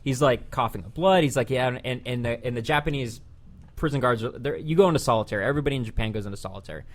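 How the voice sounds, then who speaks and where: A man's voice: mid-range voice, racing. Profane storytelling podcast host, man. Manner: animated, profane retelling with voiced quotes.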